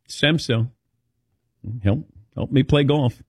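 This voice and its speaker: A man's voice: fairly high pitch, unhurried, dry recording, studio quality. A middle-aged man hosting a radio show, telling stories casually and acting out what others said. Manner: animated anecdotes, quotes others in voices. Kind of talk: casual storytelling chat.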